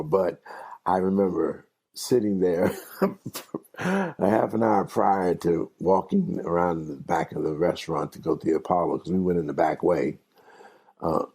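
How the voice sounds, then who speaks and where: A man's voice: low voice, dark tone, slightly rough. An older man from New York, a jazz singer giving an interview, telling stories animatedly with frequent laughs and restarts. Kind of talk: casual storytelling interview.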